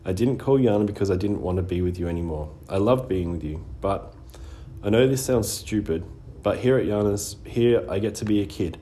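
Earnest, apologetic teen girl, read by a man in a deep, mellow voice. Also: fairly quick, slight background noise, lightly acted. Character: teenage girl narrator, anxious, apologetic.

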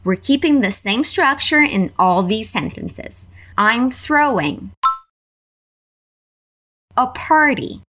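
A woman with a Canadian accent teaching an English lesson and repeating phrases slowly for learners. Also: medium pitch, a bit bright. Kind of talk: slow, clear language lesson.

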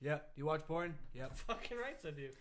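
A man on a casual podcast, quickly chiming in with crude jokes among his friends. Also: on the high side, lively intonation, a bit bright. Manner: quick, joking, chiming in with quips. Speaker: podcast co-host.

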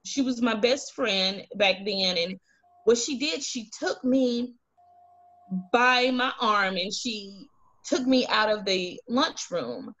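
A woman's voice: a little high, animated, slow, a bit bright. A woman from Alabama, telling her story as a guest, earnestly and acting out the voices of people in it. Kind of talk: personal testimony in an interview. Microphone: video call. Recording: dull lo-fi video call audio.

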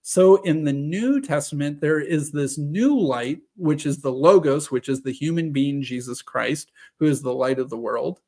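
A man's voice: a little high, dark tone. Earnest man lecturing on scripture. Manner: earnest, argumentative, lecturing with quick asides. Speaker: religious presenter. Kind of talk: explanatory Bible teaching talk.

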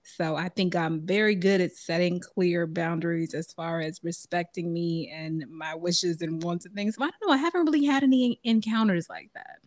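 A woman's voice: fairly low pitch, moderate pace, hardly any pauses, a little mellow, no echo, studio quality. A woman podcast co-host with a Southern US accent, giving frank, matter-of-fact opinions in casual chat.

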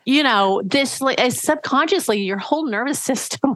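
A woman coach talking in a casual podcast conversation, acting out quoted voices with lively swings. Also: on the high side, fairly quick, hardly any pauses, dry recording. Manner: animated, acts out quoted voices. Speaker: podcast guest, relationship coach.

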